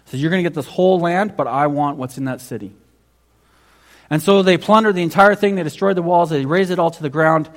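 A man preaching a sermon, telling the story in a conversational way, asking the congregation questions and swinging between loud emphasis and hushed asides. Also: a little high, fairly quick. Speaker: pastor.

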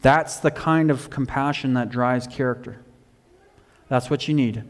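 A man preaching a sermon, telling a Bible story with animated emphasis, swinging from loud to quiet. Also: a little slow, long reverb tail. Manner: animated storytelling, rising loud for emphasis then dropping low.

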